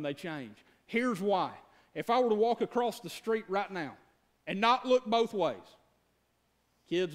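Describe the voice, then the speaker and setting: A man with a strikingly high-pitched voice delivers a sermon from the pulpit. He preaches in a folksy, storytelling way, speaking directly to his congregation. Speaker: pastor.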